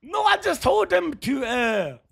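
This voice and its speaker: A man's voice: very high voice, big pitch swings, a little slow, creaky, a bit bright. A man, a father, streaming a game and chatting with viewers in laid-back slangy banter. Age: adult father. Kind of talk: casual livestream chat.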